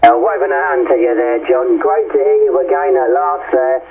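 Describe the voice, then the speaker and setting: A man's voice: fairly high pitch, wildly swooping pitch, a little fast, creaky. A man from England talking as a ham radio operator over the air, chatty, ending nearly every phrase with "there". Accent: East Anglian English. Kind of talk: radio contact chat. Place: received over shortwave radio. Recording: tinny radio with static hiss.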